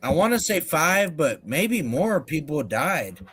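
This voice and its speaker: A man's voice: fairly high pitch, big pitch swings, slow, a bit bright, faint music behind. Laid-back co-host man, casual. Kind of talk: casual livestream chat.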